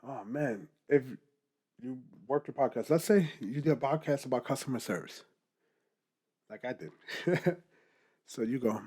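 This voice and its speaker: A young man, a podcaster, giving casual advice straight to the camera in a lively, animated way. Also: mid-range voice, normal speed, pauses often, husky. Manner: animated, talks straight to the viewer, keeps asking "guess what?".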